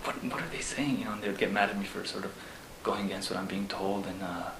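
A man, a Zen monk, talking casually about monastery life, halting with fillers and laughing as he tells stories. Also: low voice, flat delivery. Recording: echoey room with background noise.

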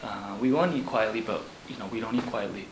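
A man, a Zen monk, talking casually about monastery life, halting with fillers and laughing as he tells stories. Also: lowish voice. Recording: echoey room with background noise.

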